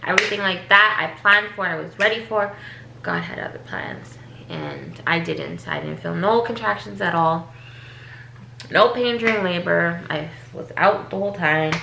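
A woman's voice: lowish voice, gravelly, sharp tone, slight background noise. A woman vlogger telling her story in a chatty, casual way, leaning on "like" and repeating words. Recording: echoey room.

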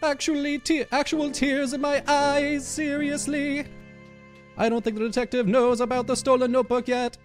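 A man giving playful, excitable commentary over a video game playthrough, joking with his viewers. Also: very high voice, moderate pace, soft background music. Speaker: gaming YouTuber. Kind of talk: let's play commentary.

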